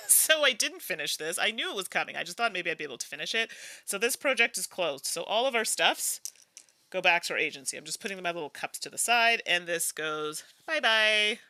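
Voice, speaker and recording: Speaking in a lowish, bright voice with a forceful tone, a woman plays a board game solo and muses chattily through every move. There's no room sound, and between turns she hums and laughs in this casual think-aloud playthrough.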